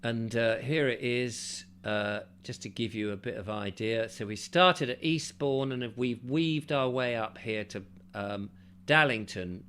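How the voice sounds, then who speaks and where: Bright-voiced man reading aloud with chatty asides. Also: mid-range voice, measured pace, a little hiss or hum. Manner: chatty, breaks off to comment, animated in the read passages. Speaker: audiobook reader and host. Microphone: desk mic with keyboard nearby.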